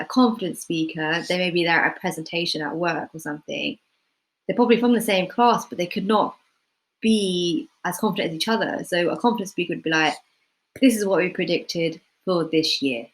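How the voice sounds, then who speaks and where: A woman with a fairly low voice explains dialogue writing to school drama students. Her delivery is relaxed and conversational, and she often fills pauses with ums and soft hedges as she goes. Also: poor audio. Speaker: playwriting tutor. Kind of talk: casual instructional talk to students.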